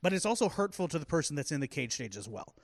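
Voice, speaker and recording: Male podcast co-host, slightly high voice, playful, quick to laugh. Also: sing-song. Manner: laughs often, playful teasing. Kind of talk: casual chat.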